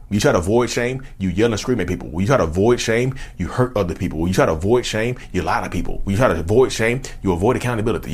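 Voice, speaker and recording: Low-voiced man preaching to viewers. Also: husky. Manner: repetitive, preachy, addresses viewers as y'all. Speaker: channel host. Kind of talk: casual monologue to camera.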